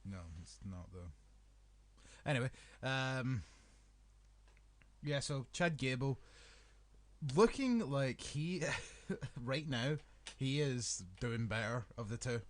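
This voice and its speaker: A man's voice: mid-range voice, lively intonation, slow, long pauses. A young Scottish man co-hosting a podcast in loose, casual banter. He rambles and swears, and he fills his talk with "like" and "um.". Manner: rambling, swearing, filler-heavy. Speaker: podcast co-host.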